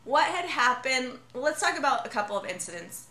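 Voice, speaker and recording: A woman's voice: sits high, very animated, a little fast, bright, forceful tone. An American woman in her thirties co-hosting a podcast, giggly and chatty, with lots of "like". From United States. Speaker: podcast co-host. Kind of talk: casual chat. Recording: echoey room.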